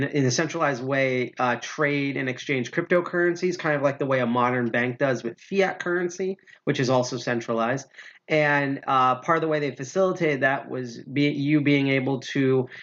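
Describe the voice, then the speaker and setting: A man's voice: medium pitch, fairly bright tone, muffled recording. A man hosting a casual livestream show, rambling, swearing freely and correcting himself mid-sentence. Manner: rambling, profane, self-correcting. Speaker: podcast host.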